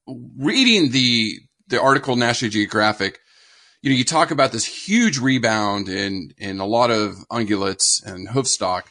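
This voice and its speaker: A man's voice: medium pitch, bright, forceful tone. A man from the United States hosting a podcast interview, asking questions casually with lots of filler words. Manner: casual, many "you know" fillers. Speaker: podcast host.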